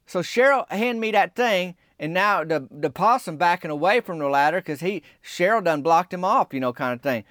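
Guy spinning a rambly deadpan yarn, kinda high voice, dry close sound. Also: moderate pace, few pauses, dry recording. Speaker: storyteller. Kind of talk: folksy comic storytelling.

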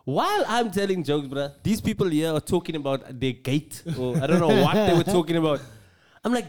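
A man's voice: a little high, expressive, brisk, a little mellow. A man who does stand-up comedy, telling gig stories in a casual podcast chat, acting out dialogue and laughing often.

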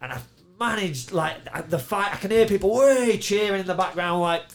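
A man with a slightly raised pitch tells a long, sweary story in relaxed podcast chat. He laughs through his own anecdote and acts out the other people in it. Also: moderate pace, gravelly.

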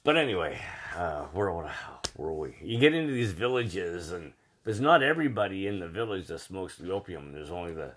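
Rambling, swearing Canadian man, lowish voice. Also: animated, fairly quick, a bit bright. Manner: rambling, swears freely, many fillers. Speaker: guest telling travel stories. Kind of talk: casual storytelling chat.

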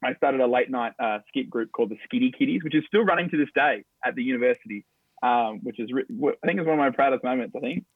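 A man's voice: mid-range voice, fast talker, slightly rough, dry recording. Young Australian male actor, upbeat storyteller, dry phone-line sound. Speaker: guest, stage actor. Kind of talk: casual interview chat.

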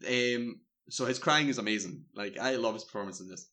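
Man, casual podcast chat, rambling film recap full of "like" and "um", mid-pitched voice. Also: brisk. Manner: rambling, filler-heavy, animated retelling.

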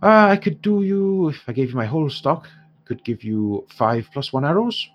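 A man's voice: lively intonation, moderate pace, highs cut off, lightly acted. A man doing a haggling Irish-accented dwarf shopkeeper. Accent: put-on Irish. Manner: wheedling, exaggerated sales patter with pitch leaps. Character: haggling male dwarf shopkeeper, greedy, theatrical.

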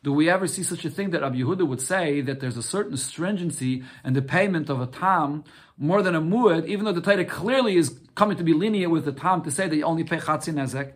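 A man's voice: fairly high pitch, quick pace. A man teaching a Talmud lesson, explaining step by step and asking himself rhetorical questions. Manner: explains step by step, mixing Aramaic phrases with English.

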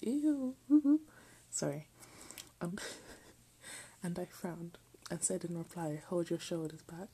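A woman reading a text aloud in a soft, often half-whispered voice, breaking off for self-mocking jokes. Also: fairly low pitch, little pitch movement, measured pace, husky, rough recording. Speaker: reader.

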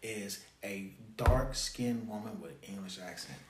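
A man's voice: lowish voice, steady tone, measured pace, a little hiss or hum. A man in casual chat, slangy and emphatic, often starting with hesitant fillers. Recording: echoey room with chatter behind.

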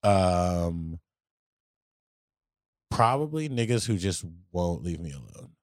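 A young man on a podcast, telling stories in a blunt, profane, animated way. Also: deep voice, takes it slowly, no room sound, studio quality. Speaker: podcast co-host. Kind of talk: casual chat.

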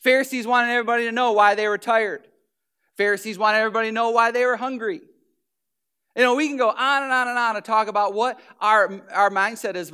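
Bright, high-voiced man preaching a sermon. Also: clear, resonant tone. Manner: conversational, frequent "you know" fillers, acts out quoted voices.

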